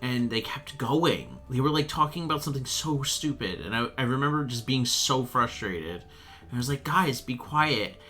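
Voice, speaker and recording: A young man chatting while he plays a game, telling a rambling, animated story and swearing freely. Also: medium pitch, normal speed, faint music behind. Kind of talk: casual storytelling chat.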